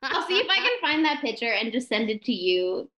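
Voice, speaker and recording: A woman's voice: on the high side, sing-song, a little fast, bright, forceful tone, muffled recording. A woman guest on a podcast, giggly and chatty in casual comedic talk.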